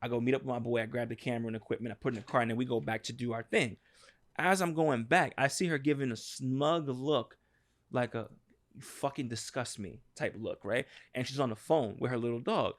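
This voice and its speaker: Animated New man telling a story. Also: medium pitch, a little fast. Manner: animated, profane, acts out quotes. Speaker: podcast co-host. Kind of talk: casual storytelling chat.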